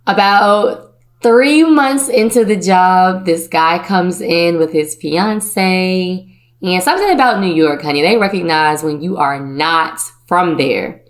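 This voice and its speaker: A podcast host from Virginia, a woman with a voice on the lower side, tells a personal story in a relaxed, chatty manner. She is playful and conversational, and she slips into the voices of her relatives as she talks. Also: slow pace. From Virginia, USA.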